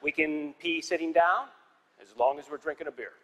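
A man's voice: on the high side, moderate pace, crowd noise. A man doing a stand-up comedy set on a theater stage, telling stories with dry, punchy one-liners. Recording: live hall reverb with audience noise.

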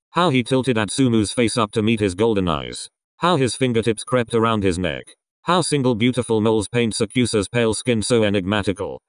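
A man narrating a fan story in an audiobook style, with steady, unhurried storytelling. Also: on the low side, dry recording. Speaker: fan fiction reader.

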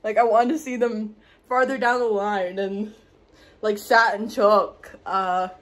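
A woman's voice: mid-range voice, steady tone, unhurried. A woman vlogging from home in a casual, rambling rant, out of breath and emotional, with lots of "like". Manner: rambling, emotional, heavy use of "like".

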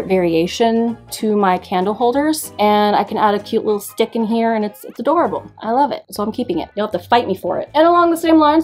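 A woman's voice: mid-range voice, darkish tone. A young woman from the West Coast, chatting casually in a haul video, bubbly and rambling with playful asides. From West Coast of the United States. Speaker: thrift haul vlogger and online seller.

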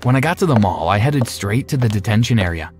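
A man narrating a scripted first-person story in a steady, conversational way. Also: lowish voice, fast talker, over music.

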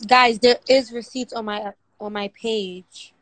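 A woman hosts a casual livestream interview, asking questions and turning to her viewers in a brisk way. Her voice sits fairly high. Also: fairly even intonation, fairly bright tone, no room sound, low-quality recording. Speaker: livestream host.

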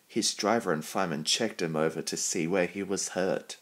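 A man narrating a children's storybook in a calm, even reading voice. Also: low-pitched, moderate pace, hardly any pauses.

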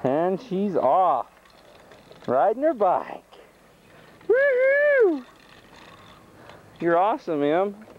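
A woman's voice: fairly low pitch, big pitch swings, slow, slight background noise. A mother filming her children, chatting in sing-song baby talk on a camcorder microphone. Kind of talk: home video chatter. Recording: dull lo-fi camcorder audio with music.

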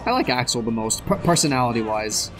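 Let's play co-host, lively swings, stammers and swears, game music under him. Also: male voice, medium pitch, a little fast. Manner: excitable, swears, stammers and repeats words. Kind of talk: casual gameplay commentary.

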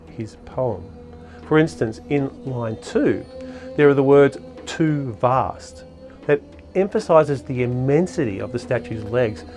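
A man of middle pitch reads a scripted lesson on a poem, calm and explanatory, leaning on key words for emphasis. Soft music plays faintly underneath his voice. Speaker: poetry lecturer. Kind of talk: scripted educational narration.

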